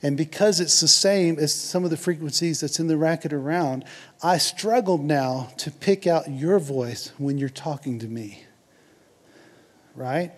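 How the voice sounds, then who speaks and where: A man's voice: a little high, a little slow. A man preaching a sermon in an earnest, conversational way, with jokes and asides to the congregation. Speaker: pastor.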